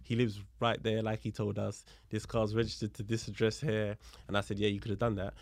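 A man, a guest on a podcast, telling a story in a lively, casual way and acting out the other people's voices, with street slang and swearing. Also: lowish voice, brisk, no room sound. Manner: animated, acts out the voices of people in his story. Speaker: podcast guest, police officer.

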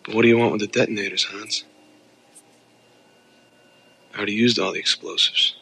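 A man's voice: lowish voice, wildly swooping pitch, rapid-fire, creaky, pushed and bright, breathy edge, exaggerated voice. An actor playing a tough, wisecracking male cop who taunts his enemy with sarcastic, swearing lines. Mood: taunting.

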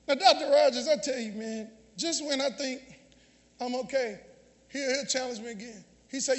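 A man preaching a sermon, shouting call-and-response lines to his congregation and often repeating or restarting phrases. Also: very high-pitched, a little slow, long pauses. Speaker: pastor. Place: large church sanctuary. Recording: long church reverb, faint congregation.

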